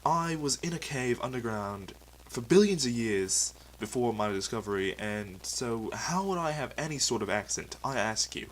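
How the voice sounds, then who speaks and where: A man's voice: mid-range voice, expressive, normal speed, slight background noise, lightly acted, low-quality recording. A man voicing a touchy, boastful metal superhero man with a British accent and a pompous, easily offended manner. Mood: indignant. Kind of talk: comedy sketch acting.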